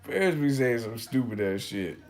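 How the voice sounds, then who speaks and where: A man hosts a live stream in a casual, profane way. He tells loose stories, laughs often, and speaks at a mid pitch. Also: lively intonation, normal speed. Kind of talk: casual chat.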